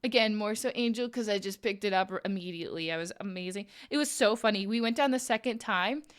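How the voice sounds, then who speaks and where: A young woman streamer telling a story in a casual, animated chat, with lots of "like"s while she crafts on a live stream. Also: mid-range voice, fast, smooth. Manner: chatty, animated, many "like"s, acts out quoted voices. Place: home streaming setup, crafting while talking.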